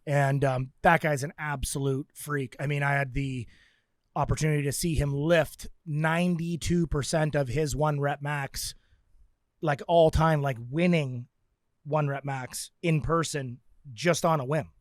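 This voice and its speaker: A man telling training stories in a casual podcast chat, animated and acting out quotes. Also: on the high side, unhurried, no echo, studio quality. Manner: animated storyteller, acts out quotes.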